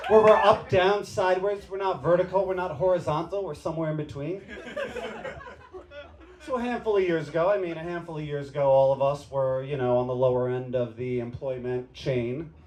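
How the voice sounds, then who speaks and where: A man's voice: on the high side, a little fast, noisy background. Self-deprecating male comic, loose delivery. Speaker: stand-up comedian. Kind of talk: stand-up comedy set. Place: comedy bar stage with live audience.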